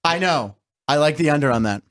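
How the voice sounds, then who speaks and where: A man's voice: fairly high pitch, animated, fairly quick, a bit bright. A man hosting a sports talk show, joking and teasing his co-hosts in a casual studio chat. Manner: jokey, teasing. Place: radio studio.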